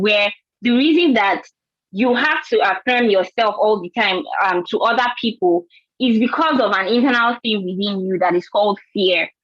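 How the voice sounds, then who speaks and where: A woman's voice: mid-range voice, dry recording. Nigerian woman on a panel, earnest storytelling, dry kinda muffled sound. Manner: earnest, storytelling, repeats words. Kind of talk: panel discussion.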